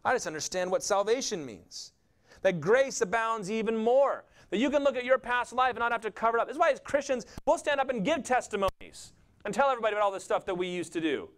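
Pastor guy preaching, lively swoopy voice, acts out quotes, kinda jokey. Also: high voice, fast talker. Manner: conversational, jokey storytelling. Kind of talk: sermon.

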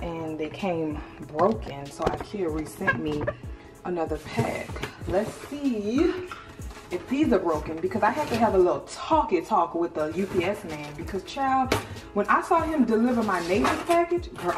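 An animated woman of thirty talks straight to her viewers in a casual home vlog. Her voice sits a little low. The room sounds roomy, with music under her. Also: unhurried. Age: 30s. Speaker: lifestyle vlogger. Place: apartment room. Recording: roomy echo with music behind.

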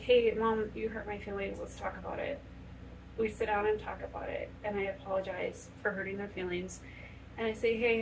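A woman's voice: mid-range voice, creaky, distant mic, slight background noise, poor audio. A woman vlogger talking earnestly and conversationally while doing her makeup in a home bathroom, often acting out quoted speech. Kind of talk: casual chat to camera while doing makeup.

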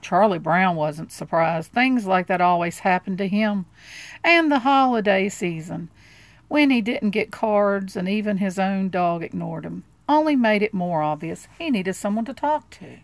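Storybook reader: a woman in a mid-range voice, lively and expressive as she narrates. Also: mid-range voice, measured pace, no room sound. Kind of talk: reading a children's book aloud.

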